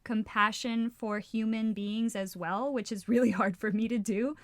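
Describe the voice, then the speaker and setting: Clear-voiced woman venting on a podcast. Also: a little high, moderate pace, no room sound, clean studio sound. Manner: frank and swearing, animated storytelling with restarts. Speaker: podcast co-host. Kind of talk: casual podcast chat.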